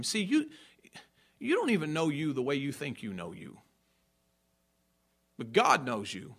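A man's voice: fairly high pitch, huge pitch swings, a little slow, creaky, long pauses, a bit bright. A man preaching a sermon as pastor, emphatic, repeating his points and checking that listeners follow.

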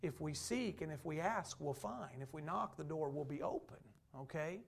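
A pastor delivers a relaxed, conversational sermon, stopping to restart sentences and acting out what people said. His voice sits high for a man and carries a gravelly edge. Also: normal speed. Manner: conversational preaching with restarts and acted-out quotes.

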